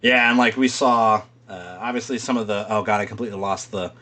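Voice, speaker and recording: A man with a lowish voice co-hosts a podcast in relaxed, rambling talk. He swears freely and laughs often, speaking into a podcast mic. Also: a little fast. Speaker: podcast co-host. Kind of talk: casual chat.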